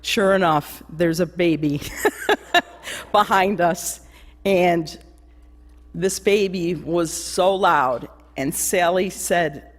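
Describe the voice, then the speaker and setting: A woman's voice: fairly low pitch, slow pace. Woman eulogist, anecdotal and laughing, long church reverb. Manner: anecdotal, laughing, mimics voices. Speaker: eulogy speaker. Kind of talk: memorial remembrance.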